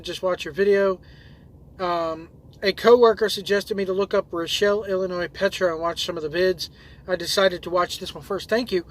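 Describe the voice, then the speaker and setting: A man's voice: sits high, fairly bright tone. A man who drives trucks and hosts his own videos, reading viewer comments aloud in a loose, rambling way with lots of fillers and restarts.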